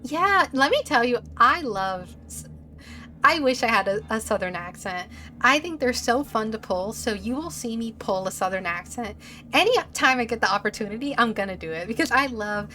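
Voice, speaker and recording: A woman's voice: on the high side, lively intonation, moderate pace, bright, forceful tone, soft background music. A woman streamer giving casual, playful commentary on a game and giggling often.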